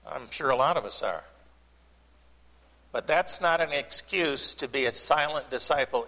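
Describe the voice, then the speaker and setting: A pastor giving a sermon, folksy and joking, with long pauses between phrases. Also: male voice, fairly high pitch, pushed and bright. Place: church sanctuary. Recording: church hall reverb.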